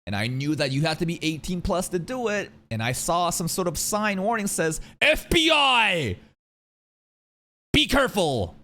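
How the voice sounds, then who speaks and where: Animated, slangy male anime reactor. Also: a little high, brisk, hardly any pauses. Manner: animated, slangy and profane, often says "bro". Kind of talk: casual reaction commentary.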